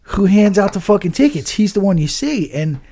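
Casual podcast host, male, animated delivery, rambling storyteller, swears freely. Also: sits high, moderate pace. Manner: rambling, swears a lot, trails off with "I don't know". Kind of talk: casual chat.

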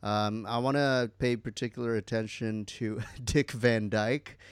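A man's voice: mid-range voice, steady tone, a little slow, clear, resonant tone, no echo, clean studio sound. A man co-hosting a podcast, casually reading out a list and joking. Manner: reads from a list, light joking. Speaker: podcast co-host. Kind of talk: casual chat.

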